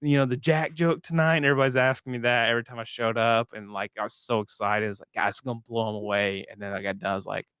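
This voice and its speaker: A man's voice: fairly low pitch, level tone, racing, hardly any pauses, bright, forceful tone, clear, resonant tone, no room sound, clean studio sound. A man in his thirties, a comedian guest, chatting casually and laughing at himself. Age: 30s. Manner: laid-back, self-deprecating, laughing. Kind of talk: casual chat.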